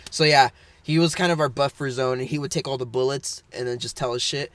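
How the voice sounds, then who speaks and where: A man's voice: mid-range voice, fairly even intonation, a little fast. A man, a podcast co-host, telling a rambling story in casual chat with lots of fillers and bursts of laughter.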